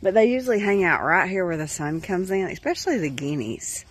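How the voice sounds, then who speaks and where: A woman speaks fairly quickly and with lots of animation in a lowish voice while phone-filming her farm animals outside. She talks to them in affectionate baby talk and chats with her viewers, against faint outdoor background noise, clucking chickens, and roosters.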